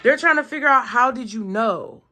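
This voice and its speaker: Higher-voiced woman giving a chatty tarot reading. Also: expressive, moderate pace, pushed and bright. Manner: chatty, thinking aloud with many "like" fillers. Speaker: tarot reader. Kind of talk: casual collective tarot reading.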